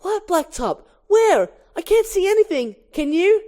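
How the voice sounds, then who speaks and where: A woman voicing a panicky young woman florist stuck flying a plane, flustered and rising into yelling. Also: very high voice, sing-song, measured pace, voice pushed up, full character voice.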